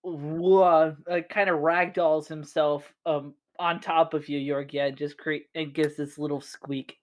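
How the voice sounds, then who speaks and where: A woman narrating a tabletop game as game master, in slow, halting narration with fillers. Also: sits low, fairly even intonation.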